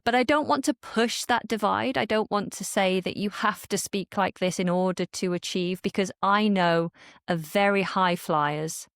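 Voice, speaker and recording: A young adult woman from Manchester with a modern RP accent, speaking as a podcast guest and accent coach in a thoughtful, measured way. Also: medium pitch, a bit bright, no echo, clean studio sound. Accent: modern RP English. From Manchester, England. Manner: thoughtful, measured, with small restarts. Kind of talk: podcast interview.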